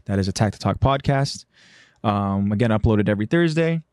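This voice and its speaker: A man's voice: fairly low pitch, expressive, fairly quick, darkish tone, clean tone, no room sound, clean studio sound. A young man hosting a livestreamed podcast, winding down with loose, easygoing plugs full of fillers. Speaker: podcast host. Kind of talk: casual livestream podcast chat.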